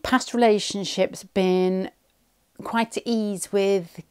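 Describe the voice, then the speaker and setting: A woman's voice: mid-range voice, fairly even intonation, slow, a little mellow, slight background noise. A woman giving a pick-a-card tarot reading at home, thinking aloud and rambling, often restarting her sentences.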